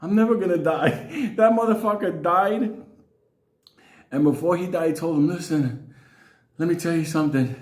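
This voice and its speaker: A man's voice: on the high side, normal speed, pauses often, roomy sound. Laughing, swearing man telling a story. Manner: laughing often, swearing, acting out quotes. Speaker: storyteller host. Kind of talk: casual storytelling.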